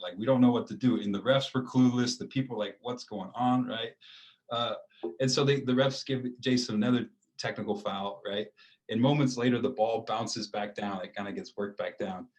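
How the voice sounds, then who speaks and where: An American man in his thirties, telling a casual story as an interview guest, with a relaxed, rambling way of talking and lots of fillers. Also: mid-range voice, poor audio. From United States.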